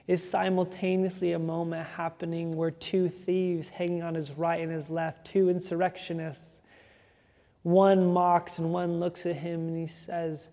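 A preacher delivers a sermon with emphatic, rhythmic repetition. The voice is gravelly and warm, held to a narrow, even pitch. It rings out with the long reverb of a large hall. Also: measured pace.

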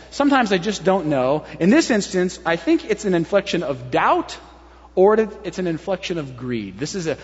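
A man's voice: sits high, in a large hall, lo-fi sound. A man preaching a sermon in a church, talking conversationally with the congregation and acting out the voices of the crowd. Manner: animated, acts out crowd voices, conversational asides. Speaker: pastor.

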